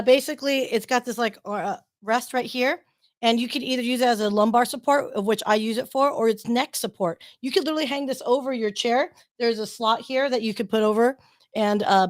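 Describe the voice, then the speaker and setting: A woman's voice: fairly high pitch, no echo. A woman co-hosting and producing a show, chatting casually on a video call, bubbly and rambling with enthusiasm. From Southern Oklahoma. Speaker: co-host and producer. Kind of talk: casual chat.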